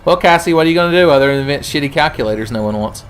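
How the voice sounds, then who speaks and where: A man's voice: a little high, expressive, racing. A young man giving profane, jokey commentary while playing a strategy game, slipping into silly voices. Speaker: gaming channel host. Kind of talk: let's play commentary.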